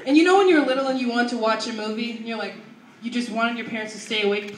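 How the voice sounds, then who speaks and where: At an open mic in a university venue, a young woman performs animated stand-up storytelling, acting out members of her family. She talks fast in a slightly high voice, picked up from far away in an echoey room with faint noise.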